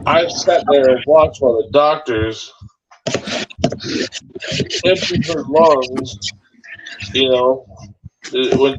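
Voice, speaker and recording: A man talks in a relaxed, conversational way, going back over his words as the feeling builds. His voice has a middling pitch and comes through a slightly dull recording with a faint hiss under it. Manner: emotional storytelling, repeats words. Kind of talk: casual chat.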